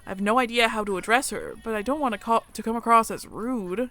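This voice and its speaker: A woman's voice: a little high, fast talker, hardly any pauses, fairly bright tone. A woman hosting a let's play, reading a visual novel aloud in a wry, conversational way.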